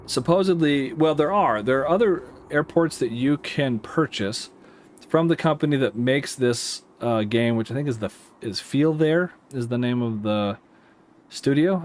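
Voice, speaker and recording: A man who works as an air traffic controller, rambling casually while playing a simulator and breaking off to give crisp radio calls. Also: medium pitch. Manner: rambling, self-interrupting, gives radio calls mid-chat. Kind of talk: casual gameplay commentary.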